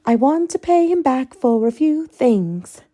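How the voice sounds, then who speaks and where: A woman's voice: high voice, big pitch swings, a little slow, warm tone, voice pushed up, full character voice. A woman voicing a fanatical female servant who speaks in an eager, fawning, sing-song way.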